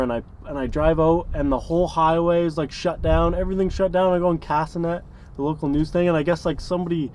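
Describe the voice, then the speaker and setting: A man's voice: on the high side, fairly even intonation, fast talker, a little mellow, a little hiss or hum. A man in his early twenties telling stories in a casual, rambling way, full of fillers and small chuckles. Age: 20s. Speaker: interviewee, van dweller. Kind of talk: casual storytelling.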